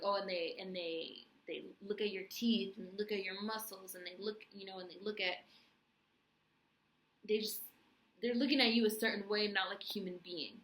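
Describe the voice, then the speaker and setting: A woman's voice: mid-range voice, a bit bright, echoey room, rough recording. A woman giving a casual spoken TV review, emphatic and full of "right?" asides. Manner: emphatic, frequent "right?" and "like" fillers. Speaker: TV recap vlogger.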